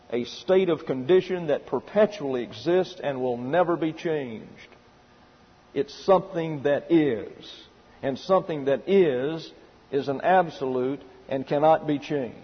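In muffled audio with a long hall reverb, a man preaches with a slightly high, breathy-edged voice. He gives methodical Bible teaching in his sermon, outlining it point by point in numbered subpoints and leaning on emphatic rhetorical questions.

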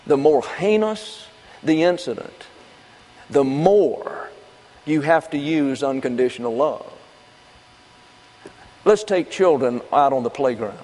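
A man's voice: on the high side, expressive, slow pace, pauses often, darkish tone. Folksy preaching man in a reverberant hall. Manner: folksy, conversational preaching with rhetorical questions. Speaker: pastor. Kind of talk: sermon. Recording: long reverb of a church hall.

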